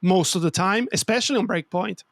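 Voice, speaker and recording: A man's voice: high voice, fairly quick, creaky, fairly bright tone, dry recording, studio quality. A man hosting a podcast, a native Italian speaker talking in English, asking thoughtful questions while searching for his words. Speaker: podcast host. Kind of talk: casual interview chat.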